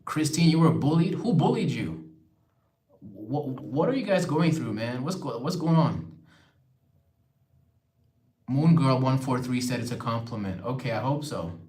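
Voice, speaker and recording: A young man hosts a relaxed livestream, reading out viewer comments and answering them in a loose, chatty way. His voice sits in an ordinary middle pitch. The sound carries a noticeable room echo. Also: a little slow, long pauses. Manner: chatty, reads viewer comments aloud and replies. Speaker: livestream host. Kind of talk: casual live-stream chat. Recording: echoey room.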